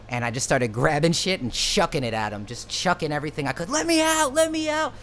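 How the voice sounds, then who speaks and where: A man's voice: medium pitch, fairly bright tone, a little hiss or hum. A man telling a personal story in a loose, profane, slangy way, with frequent restarts. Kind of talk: casual storytelling.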